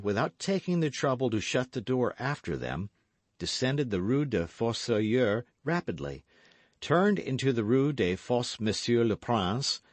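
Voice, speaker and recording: A man narrating a classic novel in an audiobook, reading in a measured, expressive way. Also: mid-range voice, no room sound.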